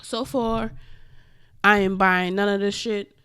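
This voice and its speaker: A woman vlogger giving casual opinion commentary, animated and profane, with emphatic outbursts. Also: mid-range voice, takes it slowly, clear, resonant tone, no echo, clean studio sound.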